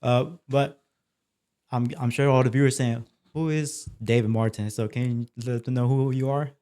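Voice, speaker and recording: A man hosting a podcast, talking in a relaxed way with loose fillers. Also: medium pitch, moderate pace. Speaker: podcast host. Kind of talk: casual interview hosting.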